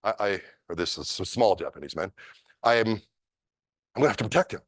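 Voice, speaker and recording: A man's voice: on the low side, a little fast, no echo, studio quality, lightly acted. A man doing a big eager foreign fighter's thoughts. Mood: tense. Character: big American martial artist, eager to test himself, then awed.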